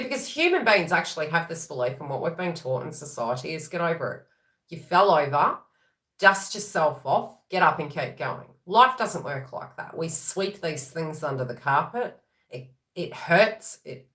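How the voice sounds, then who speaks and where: Animated woman in an echoey room. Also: low voice. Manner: animated, acts out quoted thoughts in voices. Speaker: tarot reader. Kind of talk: casual spiritual reading.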